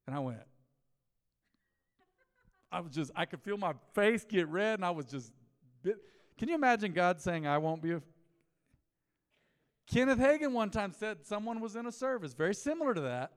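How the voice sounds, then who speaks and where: A pastor delivering a relaxed mid-week sermon, his voice pitched a little high for a man. He talks like he's chatting with the congregation, telling stories and tossing questions out to them. The room carries a long reverb. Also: a little fast. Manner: conversational, storytelling, asks the congregation questions. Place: church sanctuary.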